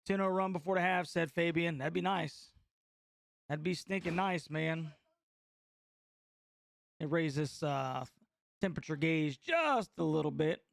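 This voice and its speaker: A young man from North Carolina hosting a live basketball watch party, reacting to the game in a casual, excitable way and reading viewer comments aloud. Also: fairly high pitch, a little slow, gravelly, pauses often, no room sound, studio quality. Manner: excitable, slangy, chatty, reads chat aloud. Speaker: sports watch-party host.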